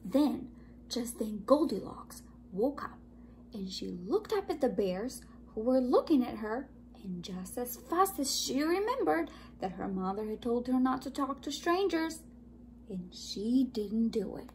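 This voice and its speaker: A woman teacher reading a children's story aloud, expressive and drawn out, dropping into hushed asides. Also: a little high, a little slow, slight background noise, rough recording. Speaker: preschool teacher.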